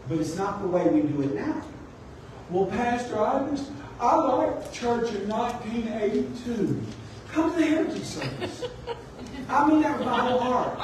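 A man preaching a sermon, animated and joking with his congregation. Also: sits high, slight background noise. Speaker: pastor. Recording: echoey room, distant mic.

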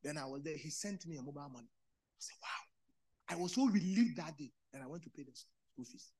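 A man from Ghana with a Ghanaian accent, preaching a sermon that swings between loud bursts and low quiet lines, repeating phrases. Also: animated, brisk, husky. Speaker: pastor.

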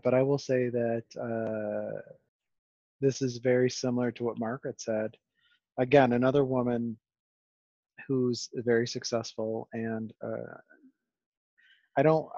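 A man hosting a podcast in casual conversation, halting with many restarts and a dry, sarcastic edge. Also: medium pitch, a little mellow, no echo, muffled recording. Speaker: podcast host.

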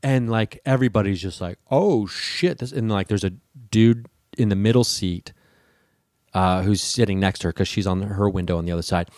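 A man with a fairly low voice tells a long personal story in a relaxed chat. He swears freely and acts out the people in his story with lively voices. The sound is close and dry, with no room echo. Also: a little fast. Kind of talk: casual storytelling.

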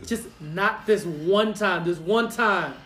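A podcast host with a high-sitting voice takes his time telling a rowdy story in casual chat, animated and profane as he acts out quotes. The room is echoey, with faint music playing behind him.

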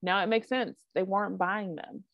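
A woman co-hosting a podcast in casual chat, animated and full of asides. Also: medium pitch, moderate pace, no echo. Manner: animated, with frequent likes and asides. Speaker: podcast co-host. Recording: dry, dull lo-fi sound.

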